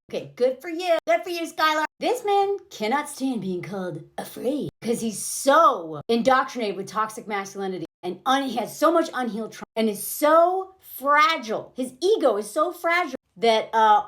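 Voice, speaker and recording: A woman talking straight into her phone, commenting on a film scene. Her voice sits high and swings widely. She is emphatic and indignant, slipping into the characters' lines as she goes. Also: sing-song, normal speed, few pauses. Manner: emphatic, indignant, acts out quoted dialogue. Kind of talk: casual commentary vlog.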